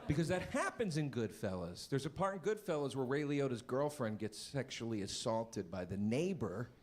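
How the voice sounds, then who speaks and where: A man doing a stand-up routine, telling a story animatedly and jumping into high yelling voices. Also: sing-song, moderate pace, a little hiss or hum. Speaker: stand-up comedian.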